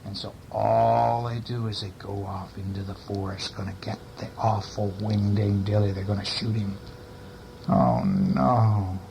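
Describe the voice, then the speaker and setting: A man's voice: lowish voice, little pitch movement, a little slow, vocal fry, a little mellow, a little hiss or hum, poor audio. A man reading a bedtime story to a child, with casual, chatty asides to the listener.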